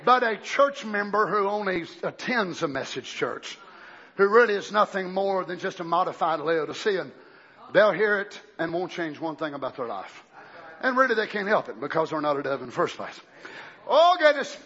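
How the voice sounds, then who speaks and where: A man preaching a sermon with fervent shouting and exclamations of praise, in a dull lo-fi recording. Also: sits high, big pitch swings, normal speed, breathy edge.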